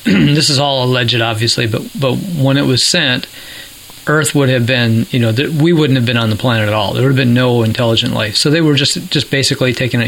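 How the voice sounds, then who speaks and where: A man's voice: mid-range voice, a bit bright, rough recording. A man explaining things in a casual podcast chat, with jokey asides.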